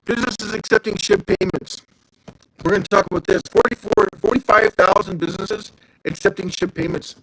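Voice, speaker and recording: A man's voice: high-pitched, fairly even intonation, fairly quick, noisy background. A man hosting a casual livestream, chatting loosely and greeting viewers by name. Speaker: livestream host.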